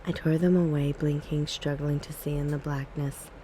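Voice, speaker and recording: This is a woman reading a spooky story in a soft ASMR style. Her voice is mellow and warm, and her pacing is calm and even. A faint background hiss sits under the reading. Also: low-pitched, a little fast, few pauses, poor audio. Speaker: ASMR book reader.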